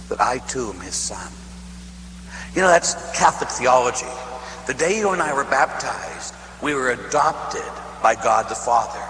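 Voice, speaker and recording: A priest from Pittsburgh telling a story in a sermon, animated and often laughing, tossing out "huh?" to the listeners. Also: male voice, mid-range voice. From Pittsburgh, USA. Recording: echoey hall, faint hum.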